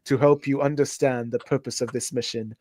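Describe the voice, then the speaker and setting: A man's voice: medium pitch, fairly even intonation, fairly quick, mellow, no room sound, lightly acted. A man voicing an old male rat martial arts master in a put-on New York accent, telling his story solemnly.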